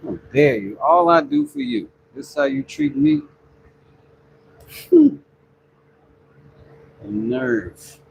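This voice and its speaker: A man's voice: on the high side, huge pitch swings, takes it slowly, vocal fry, pauses often, voice pushed up, exaggerated voice. A man voicing his own injured hand as an indignant, put-upon figure, huffy and complaining. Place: woodworking shop. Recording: noisy shop ambience.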